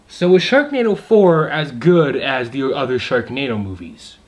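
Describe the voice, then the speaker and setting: A young adult man giving a casual video movie review, excited and rambling, with many asides and fillers. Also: mid-range voice.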